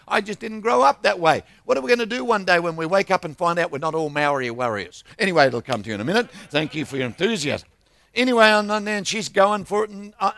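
A man's voice: high-pitched, vocal fry, fairly bright tone, no echo. An older man, preaching a sermon as a travelling minister, telling stories and asking the congregation for responses.

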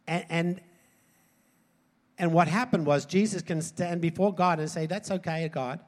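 Aussie-sounding guy preaching, fairly high voice, lots of hall echo, gets loud then drops quiet. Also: a little slow. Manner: animated, swings from loud emphasis to low asides. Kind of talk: sermon. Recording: hall reverb.

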